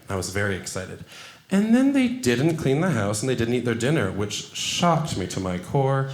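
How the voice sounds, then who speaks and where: Man, stand-up comedian, self-deprecating, animated delivery, echoey club room. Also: moderate pace. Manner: self-deprecating, animated, jumps into high put-on voices for quotes. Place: comedy club stage before a laughing audience. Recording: roomy club sound, audience laughter.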